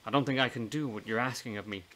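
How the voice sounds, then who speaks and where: A man's voice: mid-range voice, quick pace, a bit bright, a little hiss or hum, natural voice. A man as Harry, a brooding, weary man. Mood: rueful. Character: brooding blinded man, weary, self-pitying.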